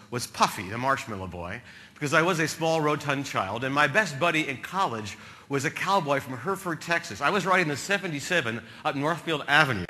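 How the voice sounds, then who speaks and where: Animated bright-voiced male storyteller. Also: a little high. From New Jersey. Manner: animated, comic storytelling with sudden loud bursts. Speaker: keynote speaker. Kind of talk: storytelling keynote speech.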